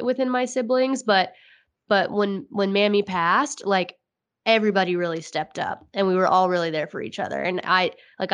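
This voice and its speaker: A woman's voice: fairly low pitch, clear, resonant tone. A woman co-hosting a podcast in casual chat, earnest and often repeating her words. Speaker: podcast co-host.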